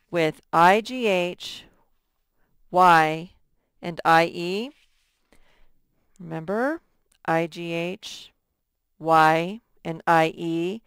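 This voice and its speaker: A woman with a slightly low, smooth voice teaches a first grade lesson at an unhurried pace. She sounds out letters and stretches words patiently. The sound is dry and close. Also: dry recording. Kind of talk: recorded lesson for young students.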